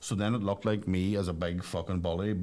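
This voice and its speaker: A man's voice: sits low, a little fast. A man in his twenties, a podcast co-host telling stories in casual chat with lots of swearing. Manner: animated storyteller, heavy swearing.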